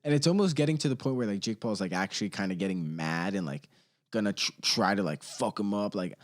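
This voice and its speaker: A man's voice: fairly low pitch, brisk. A young man hosting a casual comedy podcast alone, rambling in slang and laughing often at his own stories. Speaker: podcast host. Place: home studio. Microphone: studio mic.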